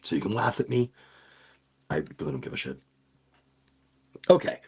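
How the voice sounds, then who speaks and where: A man's voice: sits low, lively intonation, moderate pace, darkish tone, slightly rough. A middle-aged man hosting a podcast, rambling casually through a travel story with frequent swearing and restarts. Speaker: podcast host.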